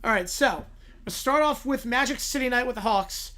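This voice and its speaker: Offhand male streamer with a bright voice. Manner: offhand asides, quick and low-key. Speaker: streamer reacting to a live game. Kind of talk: casual live-stream commentary.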